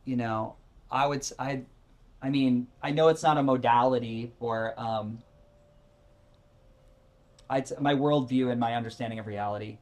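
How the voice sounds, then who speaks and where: Rambling, animated man telling his story. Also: mid-range voice, normal speed, long pauses. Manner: rambling, self-correcting, animated. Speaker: podcast guest. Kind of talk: candid conversational storytelling.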